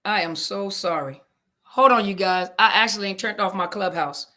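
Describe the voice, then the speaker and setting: A woman therapist hosting a live audio room chats with listeners, reading their comments aloud and answering them in casual, Southern-flavored speech. Her medium-pitched voice is bright and forward at normal speed, and after technical slips she apologizes to everyone in a flustered, homey way.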